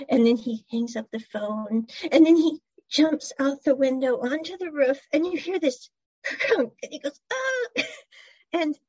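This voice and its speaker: A woman's voice: sits high, warm tone, husky, no room sound, dull audio. A woman chattily retelling a drama episode, with giggles and side comments. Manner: chatty storyteller, giggles, asides. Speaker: drama recap vlogger. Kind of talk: casual episode recap.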